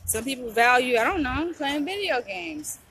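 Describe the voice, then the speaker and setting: A woman's voice: high-pitched, animated, moderate pace, fairly bright tone, slightly rough. Blunt, preachy young woman vlogger. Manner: blunt, preachy, repeats "you get what I'm saying". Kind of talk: casual talk to camera.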